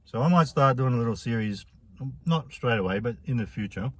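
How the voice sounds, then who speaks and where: A man's voice: medium pitch, lively intonation, fairly quick, no echo. An Australian man chatting casually in a food review vlog, rambling and slangy.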